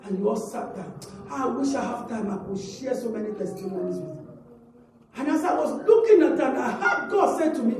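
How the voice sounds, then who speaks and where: Animated Nigerian woman preaching in an echoey church. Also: on the high side, a little fast. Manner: animated storytelling with laughter and emphatic exclamations. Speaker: pastor. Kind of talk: sermon. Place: church auditorium. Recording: echoey church hall, distant mic.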